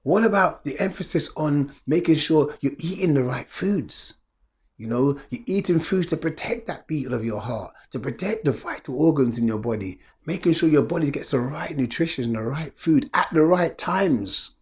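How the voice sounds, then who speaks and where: A man's voice: on the high side, animated, normal speed. A middle-aged man, a wellness coach, giving an earnest reflective motivational talk full of repeated rhetorical questions.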